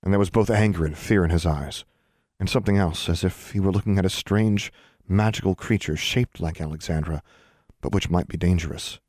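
Man, very low voice, audiobook narrator, measured, dry studio sound. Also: darkish tone, dry recording. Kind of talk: scripted narration.

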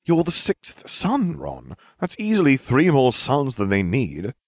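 A man's voice: mid-range voice, wildly swooping pitch, a little slow, darkish tone, dry recording, studio quality, voice pushed up, full character voice. A man voicing a smug, scheming teenage wizard with a sardonic, condescending manner.

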